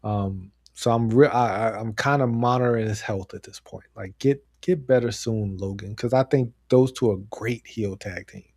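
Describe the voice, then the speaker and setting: Man, podcast co-host, mellow dark voice, rambling excited chat, dry close sound. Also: on the low side, moderate pace, few pauses, husky, dry recording. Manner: animated, rambling, laughs often. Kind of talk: casual wrestling chat.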